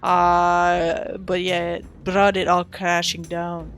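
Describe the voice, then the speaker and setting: A woman's voice: fairly low pitch, monotone, takes it slowly, few pauses, soft background music. A woman streaming a role-playing game, chatting casually and thanking her viewers. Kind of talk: casual live-stream chat while playing.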